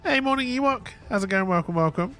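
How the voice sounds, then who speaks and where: Chatty male game streamer, lively voice. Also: high-pitched, fast, soft background music. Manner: chatty, reads and answers chat, laughs easily. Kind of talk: casual live game stream chat.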